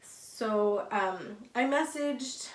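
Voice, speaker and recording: A woman's voice: a little high, extremely slow. A young woman telling a casual storytime, rambling and chatty with lots of fillers and restarts. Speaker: vlogger. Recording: roomy echo, a bit far from the mic.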